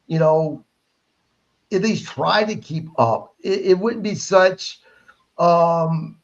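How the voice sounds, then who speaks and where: A man's voice: on the high side, slow, dull audio. A man hosting a podcast, recapping wrestling in blunt, casual talk and swearing freely. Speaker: podcast host.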